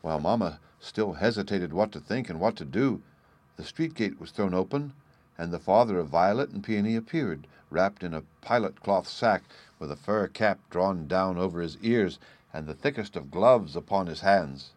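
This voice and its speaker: Man, storybook narration, lowish voice, steady measured reading.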